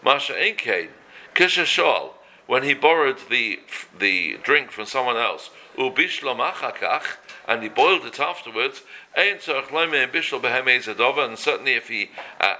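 A man teaching a daily religious law class, halting often and mixing Hebrew terms into his talk. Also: medium pitch, bright, forceful tone, rough recording.

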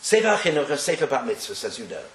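Lively man lecturing in an echoey room. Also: fairly high pitch, fast talker. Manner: lively, joking, asks the class rhetorical questions. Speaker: Torah teacher. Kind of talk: classroom lecture on Jewish texts.

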